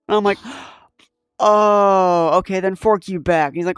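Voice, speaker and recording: A man's voice: sits high, lively intonation, moderate pace, smooth, no echo, clean studio sound. A young man hosting a podcast, telling stories in casual chat, laughing often and swearing. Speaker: podcast host.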